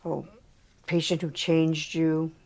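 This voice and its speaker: A woman interviewer asking gentle, unhurried questions. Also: deep voice, level tone, slightly rough.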